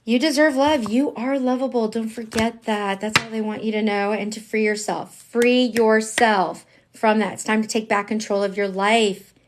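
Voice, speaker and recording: A woman giving a live-streamed tarot reading, chatty and emphatic, dropping slang and swinging between hushed asides and excited outbursts. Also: on the high side, moderate pace, hardly any pauses, noisy background. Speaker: tarot reader.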